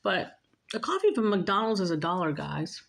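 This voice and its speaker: A woman's voice: fairly low pitch, animated, moderate pace, gravelly, a little hiss or hum. A woman talking casually and earnestly to her viewers about faith and helping others, chatty and repeating herself. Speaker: spiritual vlogger. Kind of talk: casual spiritual talk to viewers.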